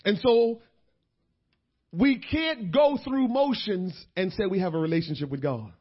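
High-voiced preacher man, shouting sermon. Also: unhurried, muffled recording. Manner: impassioned preaching, swelling to shouts. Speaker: pastor.

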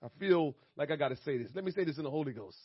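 A man's voice: a little high, lively intonation, racing, slightly rough, no echo. A man preaching a sermon as pastor, emphatic and repetitive, chuckling between points, recorded dry and slightly muffled.

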